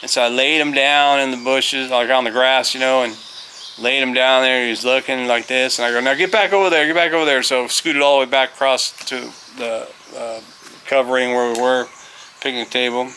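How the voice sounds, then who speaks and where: Bright-voiced man telling a rambling story. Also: medium pitch, little pitch movement, moderate pace, slight background noise. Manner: rambling, folksy, with many fillers and restarts. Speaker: vlogger, former teacher. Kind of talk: casual storytelling. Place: outdoors on a farm.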